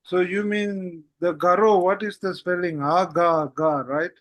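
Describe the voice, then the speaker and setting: A man teaching a language class in a relaxed way, often repeating "that's it" and "how goes it". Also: sits high, unhurried, no echo. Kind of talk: casual online language lesson.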